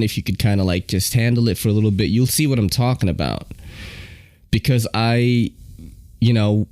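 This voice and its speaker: Easygoing low-voiced man, podcast host. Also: darkish tone, dry recording, studio quality. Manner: laid-back and enthusiastic, says "man" and "you know" often. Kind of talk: casual chat.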